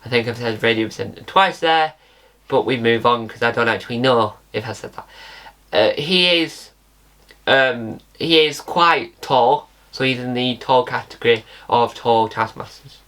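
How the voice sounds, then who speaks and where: A man's voice: medium pitch, moderate pace, a bit bright. A British man hosting his own channel with casual solo commentary, rambling and correcting himself, spelling words out. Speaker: channel host.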